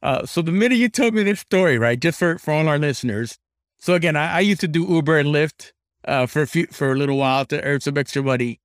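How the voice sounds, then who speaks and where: A man's voice: on the high side, lively intonation, quick pace, dry recording, clean studio sound. A man co-hosting a podcast, chatting casually, tagging on "right?" and swearing now and then. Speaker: podcast co-host.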